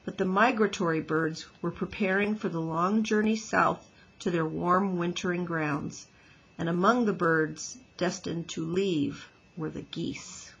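A woman teacher reading a children's novel aloud, telling it gently and expressively. Her voice is low and very husky and breathy. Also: steady tone, a little slow, muffled recording. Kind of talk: children's book read-aloud.

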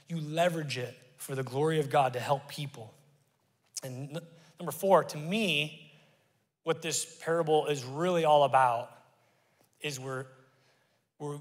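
A middle-aged man preaching a sermon as pastor, conversational and animated with sudden loud bursts. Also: a little high. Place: church sanctuary. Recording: long church-hall reverb.

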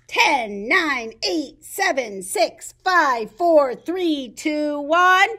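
Children's librarian, woman, bright, lively sing-song story time voice, unhurried. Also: high voice. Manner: animated sing-song read-aloud. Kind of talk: reading picture books and rhymes to babies.

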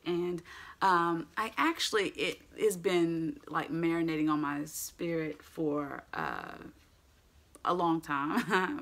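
Middle-aged woman preaching, lower voice but bright and punchy, laughs a lot. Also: vocal fry. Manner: animated, emphatic, laughs often. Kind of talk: sermon.

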